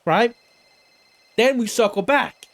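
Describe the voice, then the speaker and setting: A man's voice: very high voice, slow pace, a bit bright, no echo. A man recapping an investigation in character, rambling and swearing a lot, sometimes mimicking other people. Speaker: roleplay streamer.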